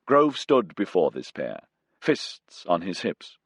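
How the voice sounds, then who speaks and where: Husky, lively male audiobook narrator. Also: sits low, takes it slowly, dry recording. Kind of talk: scripted narration.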